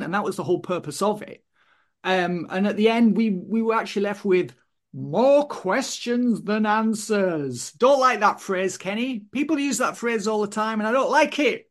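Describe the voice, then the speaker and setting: Rambling higher-voiced male podcast co-host. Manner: rambling, many "you know" fillers and restarts. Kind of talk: casual wrestling chat.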